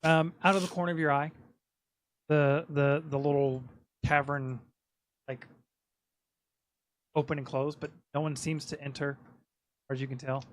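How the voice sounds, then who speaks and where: A man's voice: fairly high pitch, level tone, a little slow, long pauses, dry recording. A man narrating as game master in a casual, laughing manner, often restarting his words.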